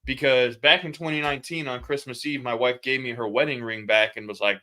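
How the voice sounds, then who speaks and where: A man in his thirties talks as a podcast guest, telling candid stories in easy, slangy speech. His voice is bright and forceful, sitting at an ordinary pitch. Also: fairly even intonation, brisk, few pauses. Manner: candid, storytelling, casual slang. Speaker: podcast guest, sales coach. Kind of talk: casual interview chat.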